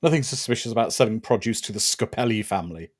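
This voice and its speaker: A man's voice: lowish voice, lively intonation, fast talker. A man co-hosting a casual watch-party chat, dropping dry, wry remarks. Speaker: co-host.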